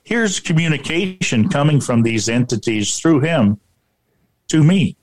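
A man working as a paranormal researcher tells a personal story in a halting way, often repeating himself and filling gaps with "you know". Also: a little high, lively intonation.

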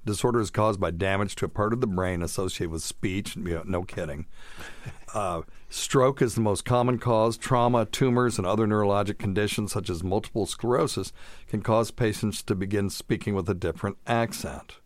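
Middle-aged guy doctor on a podcast, lowish voice, dry close sound, joking around while reading notes. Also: normal speed, no echo. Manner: chatty, jokey, reads from notes. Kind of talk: casual medical podcast chat.

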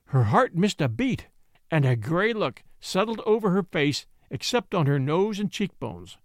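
Male storyteller, expressive reading, high lively voice, dry close sound. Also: no echo. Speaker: narrator. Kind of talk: storybook narration.

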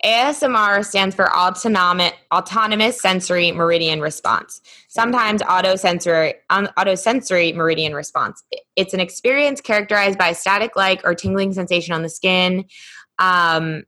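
A woman with a somewhat low voice chats casually as a podcast co-host. She rambles through stories with plenty of fillers. She is heard through a remote call microphone. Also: moderate pace, pushed and bright. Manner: chatty storyteller, many fillers. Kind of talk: casual chat.

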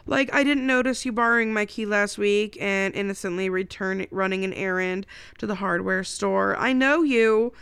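A woman's voice: high voice, expressive, moderate pace, fairly bright tone, no room sound, pitched above the performer's own voice. A woman voicing a playful, joking young adult daughter in a read-aloud novel. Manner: teasing and bubbly.

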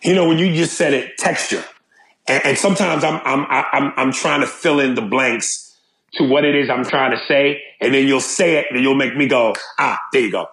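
A man chatting casually on a podcast, talking in an animated way and acting out lines in other voices. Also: normal speed. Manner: animated, jumps between deep and high put-on quotes. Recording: roomy echo.

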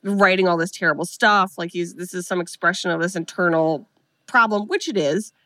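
A woman's voice: on the low side, fairly quick, pushed and bright, no echo. A woman co-hosting a podcast, chatting casually and sarcastically as she recaps a film and acts out the characters' lines. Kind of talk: casual chat.

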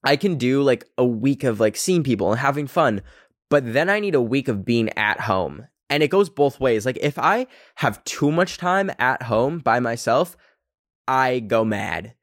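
A man's voice: medium pitch, expressive, measured pace, dry recording, studio quality. A young man hosting a podcast on his own, chatting casually and rambling with lots of filler words and self-mocking asides. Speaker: podcast host. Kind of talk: casual solo chat.

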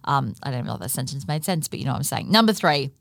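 Woman with a low voice, frank solo podcast host, casual swearing, dry close sound. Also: animated, fast talker, vocal fry, fairly bright tone, dry recording. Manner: frank and heartfelt, with swearing and frequent "like" and "you know". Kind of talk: candid solo podcast monologue.

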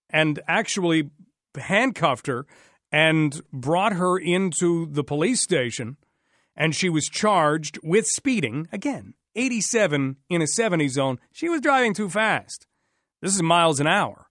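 A man's voice: on the high side, a bit bright, no echo, clean studio sound. A man from Canada hosting a radio talk show, chatty and sarcastic, sometimes joking in mock voices.

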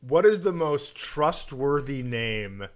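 A man co-hosting a comedy podcast, chiming in with quick reactions and wisecracks. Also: medium pitch, big pitch swings. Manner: quick reactions and wisecracks, yelps in mock outrage. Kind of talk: casual chat.

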